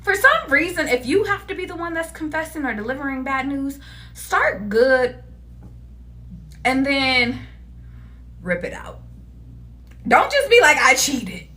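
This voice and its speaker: A woman giving a casual tarot reading to her viewers, animated, laughing often and cursing freely. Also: high-pitched, moderate pace. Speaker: tarot reader.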